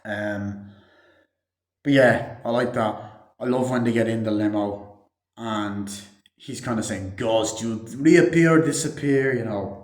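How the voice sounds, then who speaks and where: A man's voice: fairly low pitch, level tone, unhurried, pauses often. A man giving a casual, rambling movie review full of fillers and swearing. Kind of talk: casual spoken film review. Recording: echoey room.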